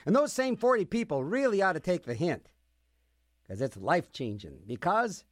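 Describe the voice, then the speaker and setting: A man's voice: sits high, big pitch swings, moderate pace. A man hosting a radio music show, chatting casually between songs with rambling, sarcastic jokes. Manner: rambling, jokey, sarcastic asides.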